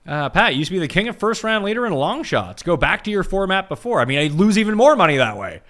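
A man co-hosts a casual podcast, reading out listener questions and ribbing them with a joking, swear-laced manner. His voice sits fairly high and swings widely in pitch. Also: very animated, fast talker, fairly bright tone. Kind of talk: casual chat about golf betting.

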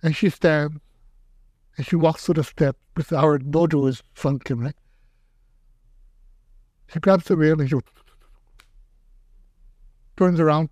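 A man's voice: a little high, slow pace, long pauses, dry recording. An older man, an aikido teacher, telling stories in a casual interview and acting out what people said. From Hawaii. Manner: animated, acts out quotes in raised voice.

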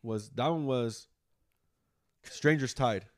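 A man co-hosting a podcast, talking about movies in a rambling, animated way with a lot of swearing. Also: mid-range voice, takes it slowly. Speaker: podcast co-host. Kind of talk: casual chat.

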